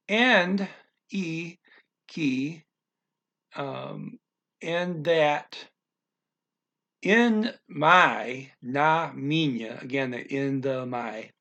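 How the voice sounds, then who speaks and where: A man teaching a language lesson, going through a text word by word in a halting, explanatory way with many pauses and restarts. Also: mid-range voice, a bit bright. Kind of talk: casual language lesson walkthrough.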